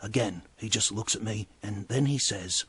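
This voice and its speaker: A man voicing a chatty male bartender, telling a bar story in a breathy voice. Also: on the low side, normal speed, no echo. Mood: gossipy storytelling. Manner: exclaims loudly, then drops to hushed asides. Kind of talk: comedic character monologue.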